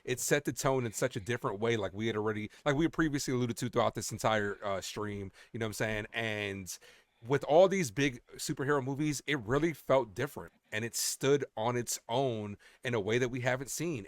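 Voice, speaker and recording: A man's voice: mid-range voice, no room sound. Man giving a casual movie verdict, dry sound. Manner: hesitant, many fillers and restarts. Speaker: panelist. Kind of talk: casual film review chat.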